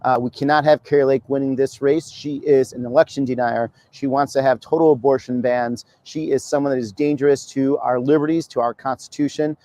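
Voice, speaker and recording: A man's voice: medium pitch, steady tone, fairly quick, few pauses, dark tone, no room sound. A man in a political ad, earnestly and urgently asking for donations. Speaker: candidate in a fundraising ad. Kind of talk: political ad appeal.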